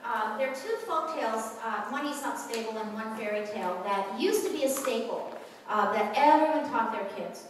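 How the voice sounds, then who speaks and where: A woman's voice: a little high, animated, moderate pace, a little hiss or hum. A woman giving a public talk to an audience, telling stories earnestly with frequent fillers. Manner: earnest, storytelling with many fillers. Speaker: speaker at a lecture. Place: large echoey hall. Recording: echoey hall, voice from far off.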